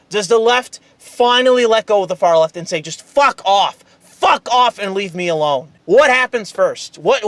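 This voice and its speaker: High-voiced man ranting angrily. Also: fairly bright tone, no room sound. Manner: angry, heavily profane, emphatic. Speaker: political commentary video host. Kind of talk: ranting monologue to camera.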